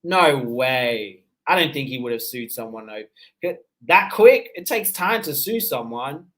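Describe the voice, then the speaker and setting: A man with an Australian accent softened by his parents' Seychellois English, talking at an ordinary middle pitch. He hosts a casual livestream, relaxed and conversational, reading out viewer comments and answering with easy laughs. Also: normal speed. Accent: Australian, mixed with his parents' Seychellois English. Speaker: livestream host.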